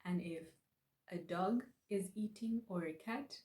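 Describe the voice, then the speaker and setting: Slow, patient woman teaching a language. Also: fairly low pitch, a little mellow, roomy sound. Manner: slow, patient, repeats words for practice. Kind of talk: online language lesson.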